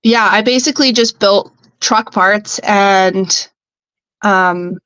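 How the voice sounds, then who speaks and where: Woman from canada, young adult, casual unhurried chat with fillers, dry close mic. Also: mid-range voice, smooth, no room sound, rough recording. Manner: relaxed, thinks aloud with fillers. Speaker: podcast guest, welder.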